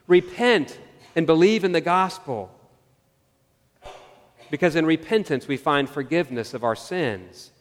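A man preaching a sermon, earnest and searching, asking his listeners questions and slowing down on key phrases. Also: on the high side, in a large hall. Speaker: pastor.

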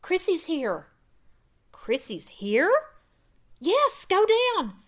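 A woman voicing an urgent, excited wife. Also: takes it slowly, heavily acted. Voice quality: high, breathless urgency. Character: urgent, excited middle-aged wife and mother.

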